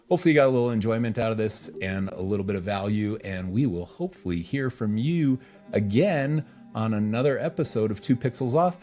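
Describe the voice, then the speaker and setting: A man's voice: on the low side, darkish tone. A man hosting a podcast in casual chat, teasing his co-host and laughing easily.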